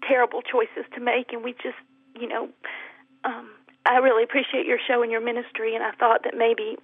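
A woman calling in to a radio show, speaking softly and haltingly with many pauses. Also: on the high side, level tone, husky, no echo. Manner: soft, halting, many ums. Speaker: caller. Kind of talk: emotional phone-in call. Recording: tinny phone line.

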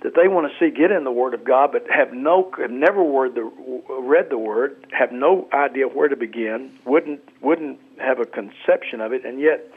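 An earnest man, a pastor and author, talks about scripture on a radio show. He calls in over a tinny phone line, and his voice sounds a little husky. He often stops and restarts his sentences. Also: mid-range voice. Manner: earnest, halting with many restarts. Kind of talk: Christian radio talk.

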